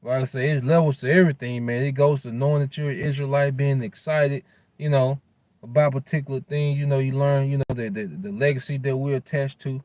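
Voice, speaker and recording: A man's voice: mid-range voice, steady tone, brisk, a little mellow, no echo. A man giving an informal scripture lesson. He uses loose street slang, tags "man" onto nearly every phrase, and stumbles while looking up verses. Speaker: religious teacher.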